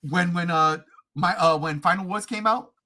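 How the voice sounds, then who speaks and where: A man co-hosting a casual podcast, talking as an excitable, swearing movie fan. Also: high-pitched, normal speed. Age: adult. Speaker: podcast co-host. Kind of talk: casual chat.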